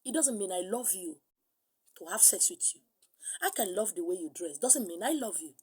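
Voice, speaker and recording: A middle-aged woman with a Nigerian accent preaching a sermon, animated, slipping into pidgin and acting out other voices. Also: mid-range voice, normal speed, husky. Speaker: spiritual teacher.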